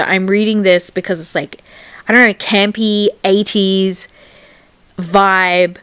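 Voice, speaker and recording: A woman's voice: on the low side, fairly bright tone, no room sound. Gushing young woman book vlogger. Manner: gushing, effusive, lots of "like" fillers. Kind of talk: casual reading vlog chat.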